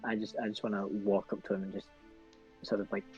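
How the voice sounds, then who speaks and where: A man's voice: on the low side, level tone, fast, darkish tone. A man playing in a tabletop game, rambling and repeating himself. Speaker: player. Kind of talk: casual chat during a tabletop game. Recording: dull lo-fi audio with background music.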